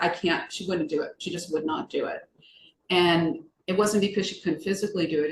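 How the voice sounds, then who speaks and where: A woman from the United States, a yoga teacher, leading a relaxed and chatty class on a video call and asking the group questions. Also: on the low side. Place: room on a video call meeting. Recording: echoey room, faint background hiss.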